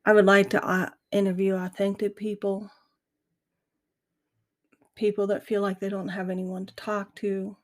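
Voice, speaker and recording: A woman's voice: medium pitch, little pitch movement, normal speed, pauses often. A middle-aged woman hosting a grief podcast, talking candidly and earnestly in a reflective monologue. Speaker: podcast host. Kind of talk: casual monologue.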